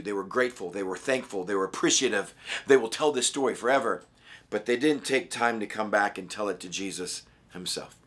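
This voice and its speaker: A man with a raspy voice, a pastor giving a short daily devotional, reading scripture and talking earnestly and conversationally. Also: on the low side, a bit bright. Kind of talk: daily devotional Bible study.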